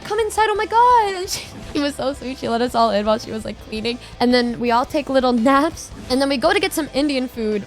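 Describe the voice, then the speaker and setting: High-voiced excitable young woman storyteller. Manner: laughs often, excitable, slangy storytelling. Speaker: VTuber streamer. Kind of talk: casual storytelling vlog.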